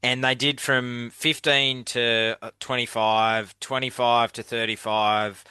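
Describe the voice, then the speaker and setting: A man's voice: mid-range voice, level tone, takes it slowly, sharp tone, clear, resonant tone, dry recording. A man in his forties with an Australian accent, hosting a podcast in an earnest way and calling his guest mate. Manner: earnest, keeps saying mate. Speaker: podcast host. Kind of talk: casual conversational interview.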